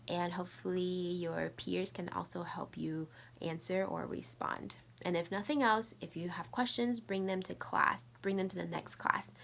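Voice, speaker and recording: A woman's voice: on the low side, vocal fry, a little hiss or hum. A middle-aged woman teaching a Mandarin lesson, patiently drilling tones and repeating syllables. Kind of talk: recorded language lesson.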